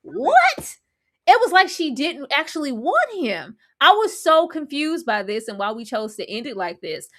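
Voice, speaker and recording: A woman's voice: moderate pace, hardly any pauses. A woman co-hosting a casual movie review chat, acting out characters' lines as she talks. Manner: animated, acts out characters' lines with big pitch jumps. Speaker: podcast co-host.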